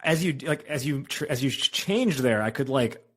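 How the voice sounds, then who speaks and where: A man's voice: medium pitch, animated, normal speed, a bit bright. A man hosting a podcast interview over a video call, asking long rambling questions full of fillers and restarts. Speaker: podcast host. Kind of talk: casual interview.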